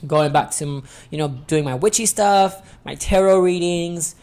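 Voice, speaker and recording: A young adult woman hosting her own podcast in a candid, expressive confessional chat, swearing freely and calling listeners honey. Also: on the low side, a little slow. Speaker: podcast host.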